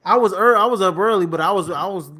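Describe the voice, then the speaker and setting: A man with a high voice talks sports in a loose, rambling way. He leans on fillers and restarts, laughs easily, and sounds relaxed. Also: fast. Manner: laid-back, lots of fillers and restarts, laughs often. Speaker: podcast co-host. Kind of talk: casual sports talk.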